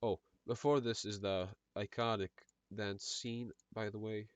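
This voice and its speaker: A man with an Eastern European accent reads a film script aloud for laughs, voicing every part in one voice. His pitch is fairly low, his intonation fairly even and his pace a little slow, with a clean tone and no echo. He stumbles over words and tosses in side comments during this comedic read-through.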